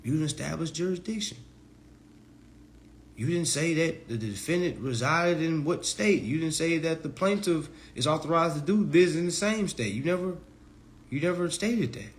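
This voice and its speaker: A man giving a casual live-stream lecture as an online teacher, talking in loose slang and often jumping into high, mocking voices. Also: animated, moderate pace. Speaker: online legal self-help teacher.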